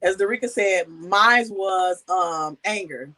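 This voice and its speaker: A woman sharing a personal story in casual talk, animated and acting out the voices she quotes. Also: medium pitch, slow pace, rough recording. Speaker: guest.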